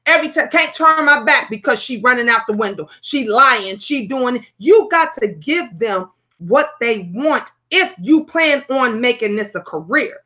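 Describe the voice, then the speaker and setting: Brash, profane woman with a bright voice. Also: high-pitched, moderate pace, highs cut off. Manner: brash, profane, animated storytelling. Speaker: talk show host. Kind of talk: casual vlog talk.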